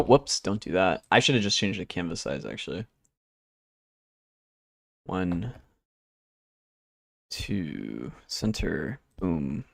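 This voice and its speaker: A man's voice: deep voice, gravelly, no echo, clean studio sound. A young man streaming, chatting casually and rambling while he works, with easygoing talk and casual swearing. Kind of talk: casual chat while working.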